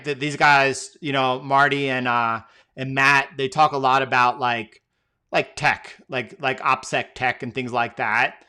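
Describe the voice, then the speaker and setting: A man hosting a live trading session, reading out viewer questions and answering them off the cuff. His voice is bright and crisp. He rambles, restarts sentences and fills the gaps with filler words. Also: mid-range voice. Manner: loose and rambling, many fillers and repeated words. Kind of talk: casual live-stream Q&A.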